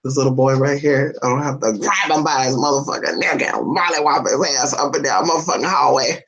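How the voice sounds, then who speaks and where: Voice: a little fast, a bit bright. Brash, sassy vlogger who swears a lot. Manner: calls everyone "honey", swears freely, jumps to a high squeaky voice when teasing the dog. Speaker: vlogger talking to the camera and to a pet dog. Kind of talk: casual, profane home vlog. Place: indoors at home. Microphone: phone or camera set down nearby.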